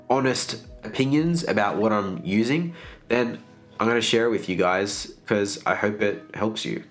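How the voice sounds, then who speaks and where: Aussie guy w a stuffy nasal voice, kinda low, chill honest vlog review, faint music behind. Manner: relaxed, candid, conversational. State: getting over a virus. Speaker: cycling gear reviewer.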